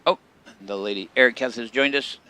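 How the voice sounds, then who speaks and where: A man's voice: mid-range voice, fairly quick, pushed and bright. A man streaming a game and giving casual commentary, with rambling, chatty asides.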